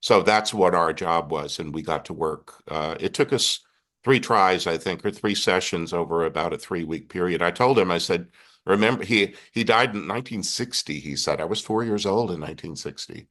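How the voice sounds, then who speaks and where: Deep-voiced older priest from Texas. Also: male voice, normal speed, a bit bright. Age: 60s. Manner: earnest, with frequent restarts. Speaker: Catholic priest and guest. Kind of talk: conversational storytelling interview.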